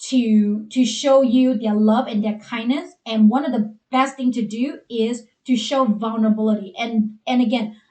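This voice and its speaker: Woman, Chinese accent, high voice, earnest advice-giver with lots of fillers, echoey room. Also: darkish tone. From Asia. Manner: earnest, heavy use of "you know" fillers. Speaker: co-host. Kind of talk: advice talk for couples.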